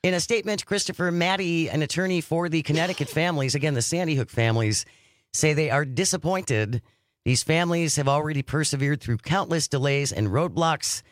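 A man's voice: fairly high pitch, a little fast, no echo, clean studio sound. A man co-hosting a podcast, reading news items aloud and adding his own commentary. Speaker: podcast co-host.

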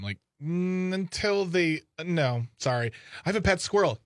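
A man's voice: medium pitch, moderate pace, no echo. A man co-hosting a casual radio talk show in a studio, adding wry, sarcastic asides.

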